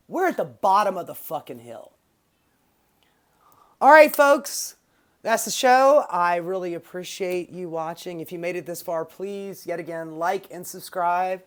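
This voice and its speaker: Lady host ranting bout politics, sarcastic, swears a lot, casual. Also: fairly low pitch.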